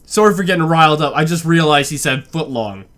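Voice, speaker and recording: A man hosting a reaction video, chiming in with quick excited comments. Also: a little high.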